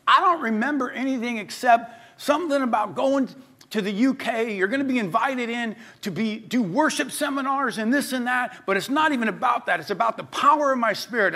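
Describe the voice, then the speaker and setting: A middle-aged male pastor preaching a sermon, telling a story with lively energy and acting out the voices of the people in it. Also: very high voice, a little fast.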